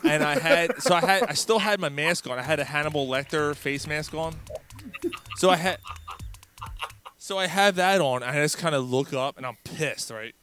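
Swearing podcast host telling a story. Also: male voice, a little high, normal speed, soft background music. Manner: profane, animated storytelling.

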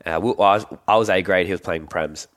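Australian man, very low voice, thirties, easygoing storyteller, podcast guest. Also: quick pace. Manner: relaxed, animated when quoting others. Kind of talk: casual storytelling.

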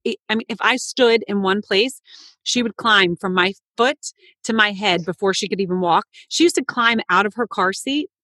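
A woman's voice: medium pitch, moderate pace, a bit bright, no echo. A woman in her thirties, a mother and coach, chatting with enthusiasm and casual swearing. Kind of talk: casual chat.

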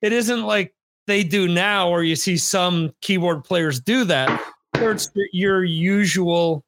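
A man's voice: high-pitched, slow, noisy background. A man hosting a podcast in casual chat with listeners, rambling with restarts and fillers. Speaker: podcast host.

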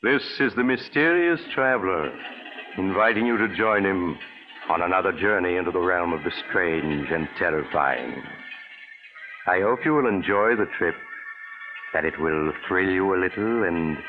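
Brief: creepy train traveler narrator, very deep, tinny old radio with music. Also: male voice, expressive. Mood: ominous. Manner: slow, ominous, teasing delivery. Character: sinister male narrator, a mysterious traveler on a train. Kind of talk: 1940s radio acting.

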